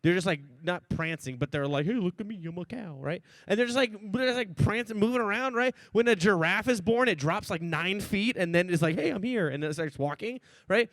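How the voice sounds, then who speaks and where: Man, 30s, pastor, casual joking sermon delivery, higher voice, dry close sound. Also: lively intonation, a little fast, hardly any pauses, fairly bright tone, dry recording. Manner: joking, chatty, many "like"s and "right?".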